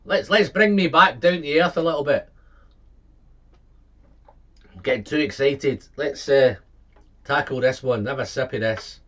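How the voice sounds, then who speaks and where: A man reviews whisky in a casual, excitable way, piling up tasting notes and repeating himself as he goes. His voice sits at an ordinary middle pitch. The recording is a little dull and lo-fi. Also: a little slow, pauses often.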